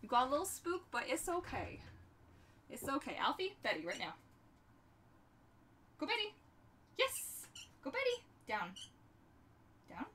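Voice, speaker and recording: A woman's voice: sits high, wildly swooping pitch, a little slow, pauses often, fairly bright tone, recorded from a distance, a little hiss or hum. A young woman hosting a livestream, chatting in a bubbly, goofy way and talking to her pets. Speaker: livestream host. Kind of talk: casual chat while crafting on a livestream.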